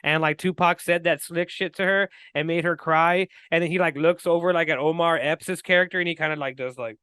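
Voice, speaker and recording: A man co-hosting a podcast, talking casually and profanely, acting out movie scenes with lively energy. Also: fairly high pitch, a little fast, clear, resonant tone, no room sound. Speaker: podcast co-host. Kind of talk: casual chat.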